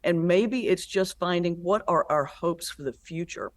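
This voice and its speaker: A woman who is both a pastor and a comedian appears as a guest in a conversational interview, telling stories in a lively way and acting out the voices of the people in them. Her voice is lowish and she speaks unhurriedly.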